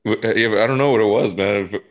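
A man's voice: fairly low pitch, fairly quick. A man telling tour stories in a casual chat, swearing often and acting out the voices of the people in them. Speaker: band member recalling tours. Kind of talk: casual storytelling.

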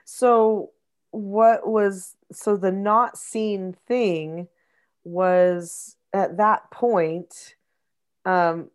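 A woman's voice: medium pitch, fairly even intonation, drawn-out words. Reflective middle-aged mother explaining. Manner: reflective, explanatory, with frequent restarts. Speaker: mother discussing parenting. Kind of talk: casual conversational advice.

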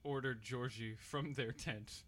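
A man's voice: mid-range voice, unhurried. A young man telling a story in casual chat, playful and acting out what people said. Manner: playful, animated storytelling with acted-out quotes.

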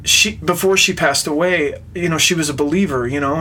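A man's voice: a little high, fairly even intonation, moderate pace, few pauses, pushed and bright, slight background noise. A man, an interview guest, earnestly recounting a personal story in conversation. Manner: earnest, retells events with quoted dialogue.

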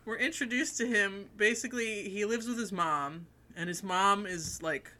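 A woman co-hosting a film podcast chats eagerly and often breaks into giggles. Her voice is bright and ringing. She acts out scenes as she talks. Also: mid-range voice, moderate pace. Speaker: podcast co-host. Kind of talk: casual film review chat.

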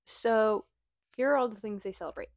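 A woman's voice: on the high side, normal speed, creaky. A young woman from Missouri co-hosting a podcast, reading out her notes in a dry, matter-of-fact way. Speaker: podcast co-host. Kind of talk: casual chat.

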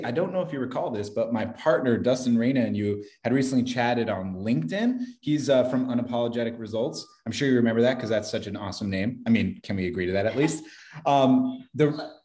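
A man's voice: medium pitch, a little fast, a little mellow. A man making a cold sales call, upbeat and chummy in manner. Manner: upbeat, chummy, says bro a lot. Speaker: sales caller. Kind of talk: cold-calling sales pitch.

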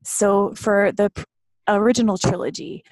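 A woman's voice: mid-range voice, fairly even intonation, moderate pace, a little mellow, no room sound. A woman in her thirties co-hosting a casual chat, talking in an earnest, emphatic and effusive way. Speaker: podcast co-host.

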